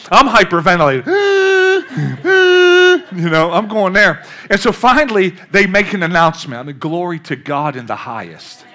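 Older male pastor, high bright voice, animated storytelling sermon. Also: moderate pace, hardly any pauses. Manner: storytelling, animated, calls out to the congregation.

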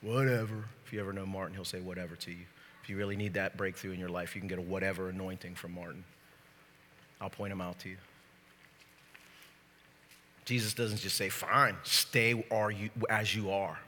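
A man pastor preaching a sermon to his church, moving from quiet teaching to shouted preaching. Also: sits low, little pitch movement, fairly quick, pauses often, slight background noise. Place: church sanctuary. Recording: long reverb of a large hall.

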